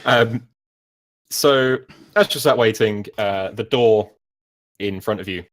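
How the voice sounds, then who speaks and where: A man's voice: fairly low pitch, takes it slowly. A man narrating as game master of a tabletop game, rambling and self-mocking with many fillers.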